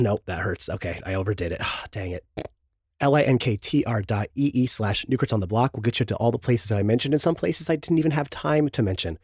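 A man's voice: medium pitch, expressive, fast talker, a little mellow, breathy edge, no echo, studio quality. A man hosting a podcast and reading the show's promos, his throat sore and strained from illness, with self-pitying jokey asides. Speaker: podcast host. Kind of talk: sponsor-style promo read.

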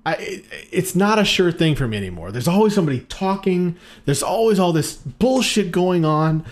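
A man's voice: sits high, expressive, moderate pace. A man co-hosting a podcast in casual chat, rambling and swearing freely. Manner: rambling, profane, self-deprecating. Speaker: podcast co-host.

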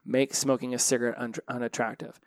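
A man's voice: mid-range voice, level tone, brisk, no room sound. A man hosting a podcast and coaching listeners on habits, in a casual, conversational way that often repeats and restarts words. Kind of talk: casual solo podcast talk.

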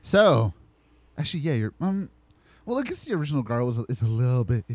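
A man hosting a casual podcast, swearing, laughing often and slowing down to announce award results. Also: mid-range voice, big pitch swings, darkish tone, no room sound. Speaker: podcast host.

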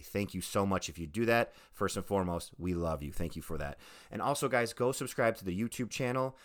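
Male podcast host, low voice, earnest and heartfelt sign-off, choked up, repeats key phrases. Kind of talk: casual podcast outro.

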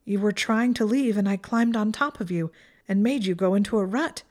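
A woman's voice: on the high side, lively intonation, slow, creaky, a little mellow, pitched above the performer's own voice, full character voice. A woman voicing an anxious young witch, urgent and pleading, her voice climbing. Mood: distraught. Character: anxious clever young witch, easily distraught.

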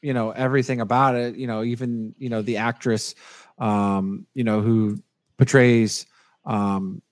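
A man's voice: mid-range voice, steady tone, measured pace, no room sound. A man co-hosting a casual podcast chat, rambling with lots of fillers and restarts. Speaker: podcast co-host.

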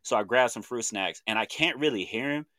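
A man in his thirties from Oklahoma with an Oklahoma accent, co-hosting a podcast and telling a story in animated casual chat, acting out what people said in slangy talk. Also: mid-range voice, fairly quick, no room sound. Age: 30s. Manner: animated storytelling with slang, acts out quoted voices. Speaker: podcast co-host.

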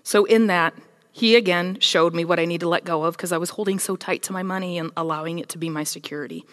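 A woman's voice: on the low side, fast, long reverb tail. A woman preaching a casual sermon, retelling scripture as a story and voicing the figures in it. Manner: casual, storytelling, animated with voiced quotes.

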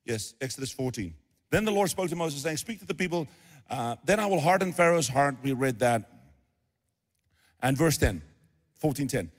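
A man's voice: fairly high pitch, animated, moderate pace, pauses often, big-room sound. A middle-aged man preaching a sermon, acting out the voices of biblical figures as he tells the story. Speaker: pastor.

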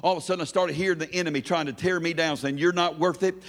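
A man's voice: fairly high pitch, fairly even intonation, fast, a bit bright. A middle-aged man from Kentucky, preaching a sermon as a guest bishop, telling stories with self-deprecating humor and stammered restarts, then building into a rhythmic preaching cadence.

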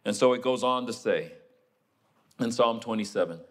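A man preaching a sermon, telling a story and acting out the people in it, then turning quiet and low for a personal confession. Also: moderate pace. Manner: storytelling, acts out the people he quotes.

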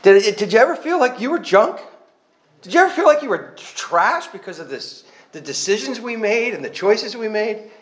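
At a moderate pace and with big swings in his high voice, a man tells a church gathering his personal testimony. He comes across as earnest and conversational, laughs at himself, and has a rambling habit of restarting what he's saying.

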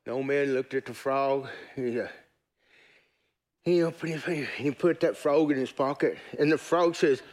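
A man's voice: medium pitch, normal speed, a little mellow. A man preaching a sermon in church, folksy and joking but earnest. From United States. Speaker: pastor.

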